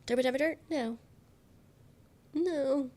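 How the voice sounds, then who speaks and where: A woman's voice: high voice, measured pace, darkish tone. A young woman streaming live while sick, her voice coming out nasal and congested. She rambles casually to her viewers, giggles often and swears without a second thought.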